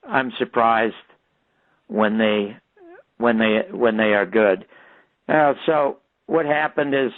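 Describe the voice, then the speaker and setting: An older man, a radio guest, telling stories in an animated way and acting out the voices he quotes. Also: medium pitch, no room sound. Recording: tinny phone line.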